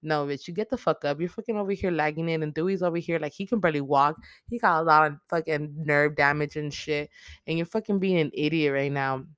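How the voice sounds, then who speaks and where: A low-pitched woman rambles through a movie plot in a loose, profane, filler-heavy way, getting worked up as she retells it. Her voice sits close and dry, with no room sound around it. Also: a little fast, clean tone, dry recording. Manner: heavy swearing, filler-laden, emotional retelling. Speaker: movie recap host. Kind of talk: casual profane movie recap.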